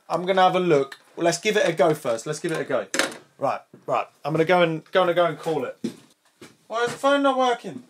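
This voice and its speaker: A man's voice: sits high, noisy background. A man casually demonstrating an old machine, chatting and thinking aloud as he tinkers. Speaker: museum owner demonstrating an answering machine.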